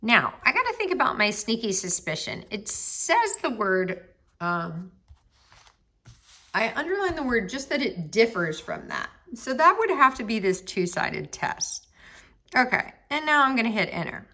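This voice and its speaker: A woman's voice: a little high, sing-song, measured pace, bright, forceful tone. A woman teaching a recorded statistics lesson, reading numbers aloud and talking herself through each step, chatty and upbeat with her students. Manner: talks to herself while working, reads numbers aloud, murmurs some under her breath.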